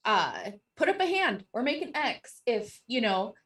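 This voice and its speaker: Female co-host and game master, quick talker, frequent laughs, mid pitch, echoey room from a distance. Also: big pitch swings, fairly bright tone. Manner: fast-talking, laughs often. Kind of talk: casual podcast chat.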